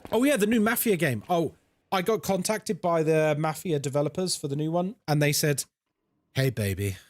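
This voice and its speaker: A young man streaming a horror game, chatting with his viewers in a jokey, animated way. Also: a little high, a little fast, no echo. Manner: animated and chatty, reads chat aloud, jokey asides. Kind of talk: casual live-stream chat while gaming.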